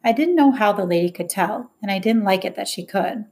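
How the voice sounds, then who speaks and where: A woman's voice: mid-range voice, lively intonation, brisk, a little mellow, slightly rough. Woman narrating an audiobook. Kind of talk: first-person audiobook narration.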